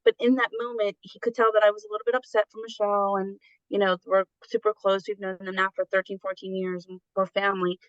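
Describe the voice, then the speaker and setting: A woman's voice: medium pitch, flat delivery, fast talker, a bit bright, dry recording, highs cut off. A woman guest in a casual conversation, telling stories about her family and laughing easily.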